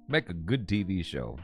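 A man co-hosting a casual movie-review live stream, talking in an animated, goofy way. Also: low voice. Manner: animated and goofy, laughs often. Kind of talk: casual chat.

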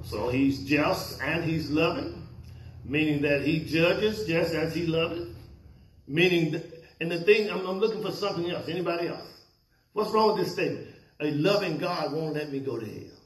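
A man's voice: on the high side, normal speed. A male pastor preaching a sermon, questioning his congregation and waiting for answers. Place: church sanctuary. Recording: echoey church hall.

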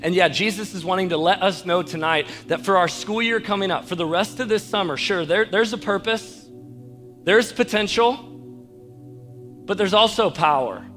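A man's voice: high-pitched, normal speed, a bit bright, soft background music. A man preaching a youth sermon, chatty and rising to fervent preaching. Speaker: youth pastor. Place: church auditorium.

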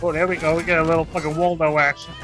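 Brief: bright-voiced male co-host, loose slangy commentary, curses a lot. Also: fairly high pitch, little pitch movement, racing, faint music behind. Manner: slangy running commentary, heavy swearing. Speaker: podcast co-host reacting to a TV episode. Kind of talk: casual reaction chat.

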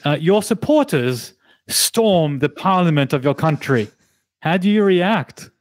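A man's voice: on the high side, sing-song, a little slow, dry recording. A man hosting a casual podcast debate, putting playful mock-serious questions to his guests. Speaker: podcast host and debate moderator.

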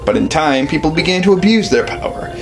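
A man's voice: a little high, expressive, brisk, music in the background. A man voicing a cocky little male master of magic and war, lecturing in a smug tone.

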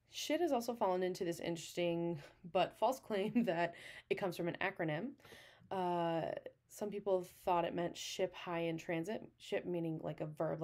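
A woman's voice: lowish voice, a little mellow. Chatty woman lecturing with amusement. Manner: chatty, amused, laughs often. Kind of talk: casual recorded lecture over slides.

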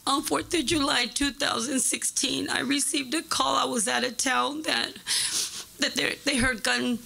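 An emotional woman giving halting public testimony at a board meeting, speaking into a podium microphone. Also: high voice, steady tone, creaky, sharp tone, low-quality recording. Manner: halting, with restarts and fillers. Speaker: public commenter.

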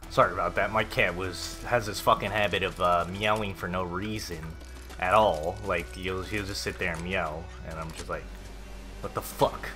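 A man casually commenting on a game as he plays, reading notes aloud, swearing and reacting loudly. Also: low-pitched, fairly even intonation, moderate pace, music in the background. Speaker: gameplay streamer. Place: home room with a cat.

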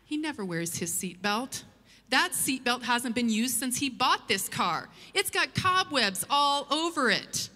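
A woman's voice: fairly high pitch, sing-song, a little slow, bright, forceful tone, full character voice. Woman doing a blunt wife telling on her husband. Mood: deadpan. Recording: long church hall reverb.

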